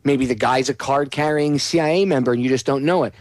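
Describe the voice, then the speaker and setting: A man's voice: medium pitch, fast talker, a little mellow, no room sound. Heated ranting male radio host. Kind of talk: talk radio monologue.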